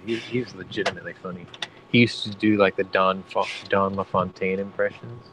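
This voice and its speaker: A man's voice: deep voice, little pitch movement, brisk, background noise. A man co-hosting a casual show, telling rambling, profane stories. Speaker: co-host. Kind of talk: casual chat.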